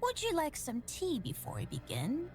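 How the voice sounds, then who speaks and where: A creaky, serene old villain lady. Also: high voice, wildly swooping pitch, moderate pace, soft background music, heavily acted. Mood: sweetly hospitable. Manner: serene, softly menacing. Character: frail sadistic old woman, eerily calm villain.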